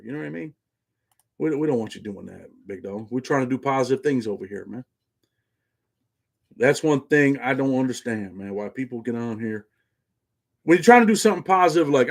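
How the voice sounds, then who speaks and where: A middle-aged man hosts a casual livestream in a medium-pitched, fairly bright voice, speaking loosely. "Man" comes up constantly, and he reads out comments from chat.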